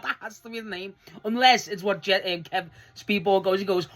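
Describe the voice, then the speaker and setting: A wrestling fan reviewing last night's show in a loose, chatty vlog, swearing freely and laughing often, with the voice jumping up high when excited. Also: brisk, few pauses. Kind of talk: casual solo review vlog.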